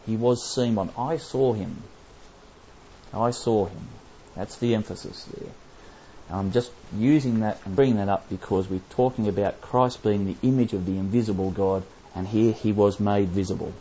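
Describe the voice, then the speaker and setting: Low-voiced man leading Bible study. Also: normal speed, dark tone, slight background noise. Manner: explanatory, asks the group rhetorical questions. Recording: dull lo-fi recording.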